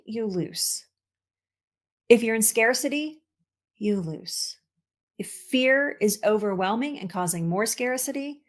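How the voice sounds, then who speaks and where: A woman, a cancer coach, giving an expressive motivational talk, repeating words for emphasis and laughing at herself. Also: on the high side.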